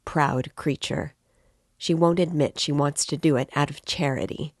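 A woman reading the part of a brooding, bitter young man in a storybook reading, slow and low in his scornful thoughts. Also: darkish tone, no room sound, clean studio sound. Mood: bitter muttering.

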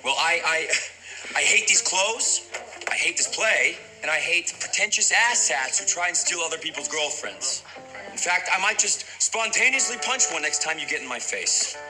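Actor as a fed-up young man onstage, stammering into angry blurts; a touch high and bright, faint music behind. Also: lively intonation, moderate pace, lightly acted, poor audio. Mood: frustrated outburst. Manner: stammering, then blurting angrily. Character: frustrated young man bursting out on stage. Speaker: actor in a TV drama clip.

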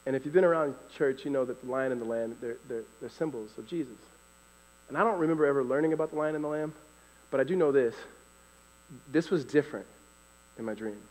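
Animated man telling a story in a hall. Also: mid-range voice. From California. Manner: animated, acts out voices, laughs often. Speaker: storyteller giving a faith testimony. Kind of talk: live storytelling testimony.

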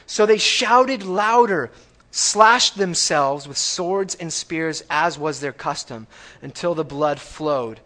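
A man preaching a sermon in a church, talking in a conversational way and checking in with the congregation, going from loud emphatic lines to hushed reading. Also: a little high, takes it slowly. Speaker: pastor. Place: church sanctuary.

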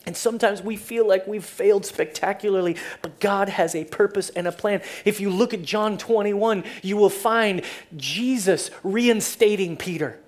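A woman pastor preaching a sermon, retelling the story casually and swinging from loud to hushed. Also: medium pitch, moderate pace, hardly any pauses.

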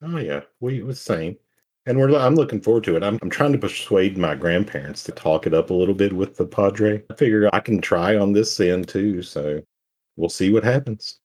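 A man speaking as a player in a tabletop game, relaxed and low-key. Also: moderate pace, husky. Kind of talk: in-character roleplay chat.

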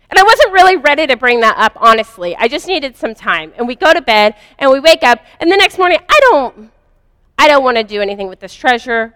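A woman's voice: high-pitched, a bit bright, smooth, dry recording, big-room sound. A woman earnestly telling a personal spiritual story in a confessional first-person way. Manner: earnest, confessional, vivid retelling. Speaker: speaker sharing a personal story.

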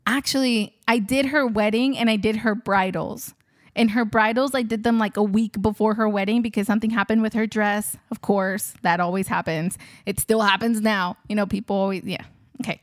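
Chatty higher-voiced woman telling stories. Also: fairly even intonation, moderate pace, no echo, clean studio sound. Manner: chatty, lots of "like" fillers, laughs often. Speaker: wedding photographer and show host. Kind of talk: casual storytelling to listeners.

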